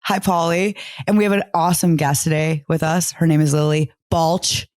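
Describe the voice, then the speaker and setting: A woman's voice: low voice, steady tone, a little fast, a little mellow. A woman co-hosting a podcast as a therapist, laughing often and making crude jokes in casual chat.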